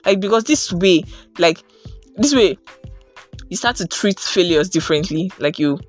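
A woman's voice: lowish voice, normal speed, faint music behind. A young woman giving an earnest, casual motivational talk. She fills her speech with "like" and "right?". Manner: earnest, animated, many fillers like "like" and "right?". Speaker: motivational podcaster.

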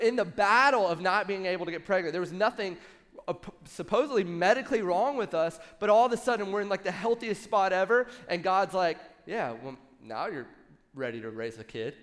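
A man in his thirties preaching a sermon in a somewhat higher voice. He tells his story with animated energy and turns to the congregation with quick asides. His voice carries a long reverb from a large church hall. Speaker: worship pastor.

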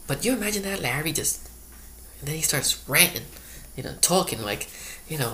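A man's voice: a little high, animated, moderate pace, pauses often, noisy background. A man doing a rambling comedic monologue, full of loose asides and repeated "you know".

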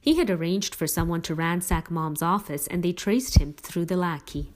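A woman reading a first-person story aloud in a steady, plain narrating voice. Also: lowish voice, normal speed. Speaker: audiobook reader.

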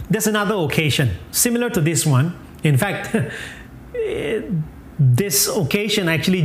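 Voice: mid-range voice, a little hiss or hum. A preacher giving a sermon, emphatic, repeating key phrases and chuckling now and then. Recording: echoey room.

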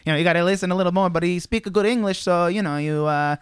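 A young man hosting a podcast, telling stories in a casual, animated way with lots of restarts and fillers. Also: sits high, very fast, smooth, no room sound, clean studio sound. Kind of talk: casual conversation.

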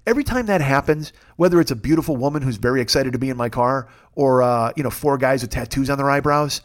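A man's voice: mid-range voice, quick pace, hardly any pauses. A man hosting his own show in a casual comic monologue, rambling and profane with a wry tone. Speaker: podcast host.

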